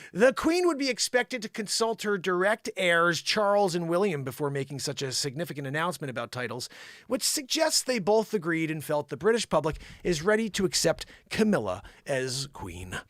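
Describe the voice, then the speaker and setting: A man's voice: a little high, a bit bright, dry recording, studio quality. A man hosting a live comedy news show, reading from a teleprompter and cracking asides to off-camera crew. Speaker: host.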